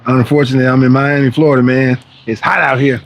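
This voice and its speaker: A man hosts a fitness livestream, talking fast in a flat, mid-range voice. His casual chat with viewers is slangy and rambling, full of restarts, and he often acts out other people's voices.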